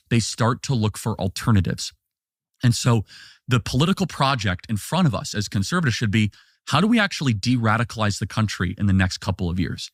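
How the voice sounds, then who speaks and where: A man commentating on politics in a podcast discussion, speaking in a measured, lecturing way and building his points as lists. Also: medium pitch, no room sound, studio quality.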